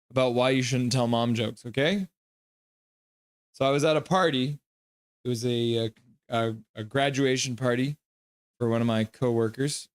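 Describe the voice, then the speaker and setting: A man's voice: medium pitch, clean tone, dry recording. A man hosting a live stream, chatting casually, reading out chat messages and calling the game play by play. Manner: rambling, reads chat messages aloud. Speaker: livestream host.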